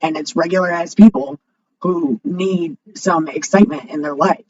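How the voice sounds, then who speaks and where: A woman video blogger ranting to camera at home, blunt and profane, sometimes rising to a shout. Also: lowish voice, steady tone, moderate pace, slight background noise. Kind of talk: unscripted rant to camera. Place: home, with a cat nearby. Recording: dull lo-fi microphone.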